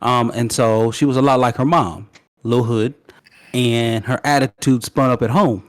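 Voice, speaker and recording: A man's voice: mid-range voice, measured pace, no room sound, clean studio sound. Laid-back male podcast host. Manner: relaxed, says "right?" often. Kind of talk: casual chat.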